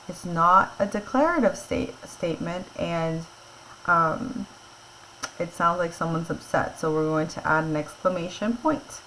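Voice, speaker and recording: A woman's voice: on the low side, a bit bright, slight background noise, low-quality recording. A woman teacher explaining a grammar lesson patiently, step by step, often checking in with her class.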